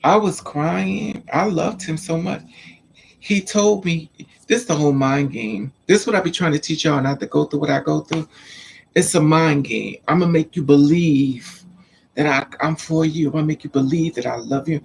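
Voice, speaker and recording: A man's voice: a little high, normal speed, gravelly, a little hiss or hum. A man vlogging, telling frank personal stories in a confiding, chatty way. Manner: frank, confiding, acts out quoted exchanges. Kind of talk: candid personal storytelling.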